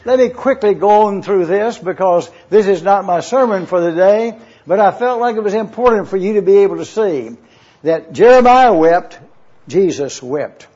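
A man's voice: high voice, lively intonation, normal speed, darkish tone, slightly rough. A man preaching a sermon, repeating his points and spelling out Greek words letter by letter as he urges listeners to take notes. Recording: dull lo-fi recording.

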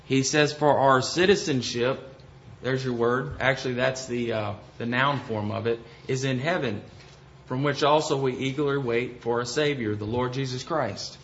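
A man teaching a verse-by-verse Bible study, explaining slowly and often pausing with ums and restarts. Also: medium pitch, steady tone, fairly bright tone. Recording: dull lo-fi recording with faint hiss.

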